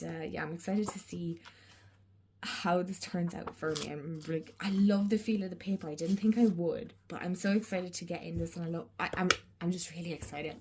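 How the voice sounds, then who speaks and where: A woman's voice: lowish voice, darkish tone, slight background noise. A woman chatting casually to camera, rambling and giggling, slipping into whispers. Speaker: journaling channel host.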